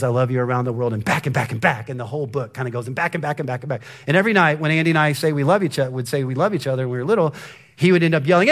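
A middle-aged man giving a sermon, telling a story about his son and at times dropping to a near whisper for emphasis. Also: medium pitch. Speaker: pastor.

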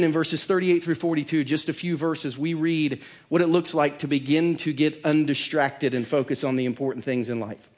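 Earnest male pastor preaching. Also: fairly high pitch. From United States. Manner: earnest preaching, drops to a softer voice to drive points home. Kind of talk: sermon. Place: church.

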